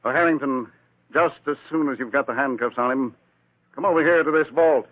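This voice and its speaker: An actor playing a calm, shrewd male district attorney who speaks dryly and with authority, from an old radio broadcast. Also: mid-range voice, brisk, no room sound, phone-quality sound, natural voice. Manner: cool, dry and authoritative.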